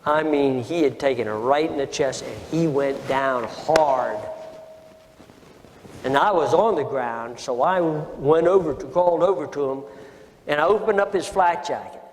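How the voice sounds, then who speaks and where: An older man recounts his time as a Marine officer in a slow, deliberate oral-history telling, leaning hard on his words and circling back to repeat them. His voice sits a little high for a man. It rings with a long reverb over a faint bed of ambient noise. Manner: slow, deliberate, emphatic retelling with repetitions.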